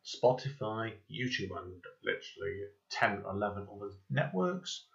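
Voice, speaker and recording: Male podcast host on a video call, lively and rambling, muffled lo-fi sound. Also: on the low side, moderate pace, vocal fry. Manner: rambling, laughs often, interrupts himself. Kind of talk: casual interview chat.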